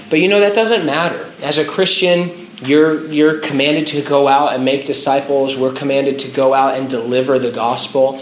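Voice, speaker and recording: A man's voice: mid-range voice, normal speed, roomy sound, a little hiss or hum, poor audio. A pastor preaching a conversational sermon, stopping to restart his phrases and using filler words.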